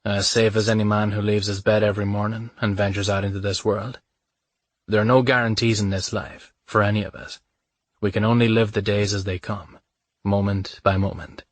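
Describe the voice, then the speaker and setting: Man doing a calm, tender Irish lover. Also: lowish voice, moderate pace, dry recording, lightly acted.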